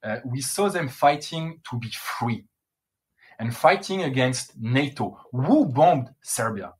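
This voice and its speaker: A man's voice: medium pitch, lively intonation, slow pace. A man from Brittany speaking English, answering interview questions in an earnest, insistent way. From Brittany, France. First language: French. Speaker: guest.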